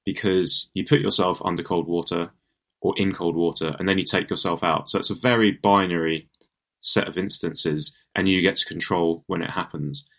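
A man's voice: deep voice, steady tone, moderate pace, fairly bright tone. A man hosting a podcast interview as a journalist, talking in a hesitant way with many fillers. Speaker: podcast host, magazine journalist.

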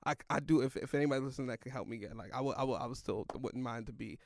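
A man's voice: medium pitch, racing, dry recording, studio quality. A young man, a comedian, telling a rambling story in loose slang, full of "like" and "yo". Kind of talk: casual storytelling in a podcast chat.

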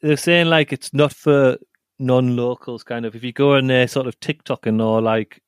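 A man's voice: mid-range voice, fairly even intonation, moderate pace, clean tone, no room sound, studio quality. A man co-hosting a casual chat podcast, rambling and repeating himself as he tells a story and reads reviews aloud. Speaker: podcast co-host.

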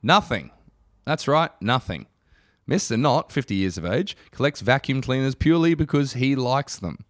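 A man's voice: medium pitch, lively intonation, moderate pace, dry recording, studio quality. A young man co-hosting a podcast in casual, sweary banter, laughing often and reading out a story. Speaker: podcast co-host.

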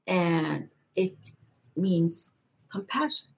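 A middle-aged woman from Egypt telling a personal spiritual testimony as a guest, in a slow, halting and emotional way. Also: on the low side, expressive, vocal fry, darkish tone, slightly rough, low-quality recording.

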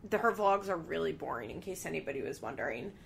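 A woman's voice: low voice, animated, fast, gravelly, a crowd in the background. A woman co-hosting a podcast in casual chat, talking loosely with frequent fillers and laughing often. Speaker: podcast co-host. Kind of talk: casual chat recapping a reality show.

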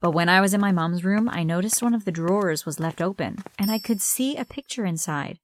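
A woman's voice: fairly low pitch, brisk. A woman narrating a first-person story in a dramatic, emotive storytelling manner. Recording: clear background noise.

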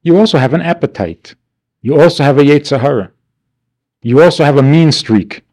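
A man's voice: fairly high pitch, expressive, a little fast, a little mellow. A man teaching a class, asking rhetorical questions and answering them himself with wry, mock-indignant asides. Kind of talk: class lecture.

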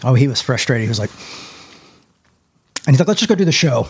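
A young adult man in casual conversation. He tells a personal story, talking with lively swings of pitch, and goes high and loud for quoted lines. His pitch sits in the middle range. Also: quick pace, breathy edge. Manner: animated, rises high when quoting others. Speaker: podcast co-host.

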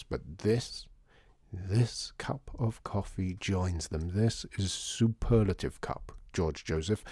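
A man voicing a cheerful, smooth-talking, disgraced male former store owner who speaks low and unhurried. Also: dark tone, no room sound, studio quality, full character voice.

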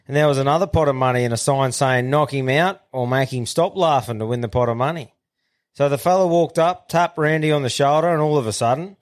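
An Australian man hosting a podcast, reading out a listener's joke in a relaxed, swearing manner. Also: mid-range voice. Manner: laid-back, swears casually. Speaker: podcast host.

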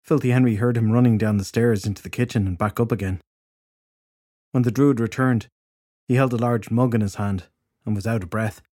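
A male narrator reading a fantasy audiobook in a steady, measured manner. His voice sits at a middle pitch. The recording is dry and close to the mic, with no room sound. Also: dry recording.

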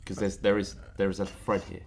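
A man's voice: low voice, monotone, a little fast, vocal fry, a little hiss or hum. A man, co-hosting a casual podcast and joking around with friends. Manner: joking, laughs often. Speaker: podcast co-host. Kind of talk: casual banter.

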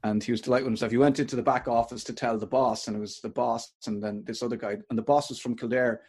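A middle-aged Irish man with a husky, slightly rough voice spins long anecdotes in a relaxed interview. He keeps restarting his sentences and circling back, and his speech sits at an ordinary middle pitch. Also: fast. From Ireland. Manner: rambling, anecdotal, with many restarts. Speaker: podcaster and performer. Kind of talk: casual storytelling interview.

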